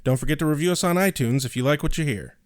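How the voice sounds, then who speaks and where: A man's voice: on the high side, fast, very noisy. A man hosting a podcast, reading promos and chatting playfully with his co-host. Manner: playful, teasing. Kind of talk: casual chat.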